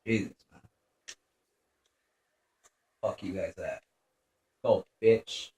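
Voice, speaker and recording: A man's voice: fairly low pitch, steady tone, extremely slow, mellow. Profane, jumpy young man commenting on a game. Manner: profane, jumpy, mutters to himself. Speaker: gameplay commentator. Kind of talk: gameplay commentary. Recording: echoey room, faint background noise.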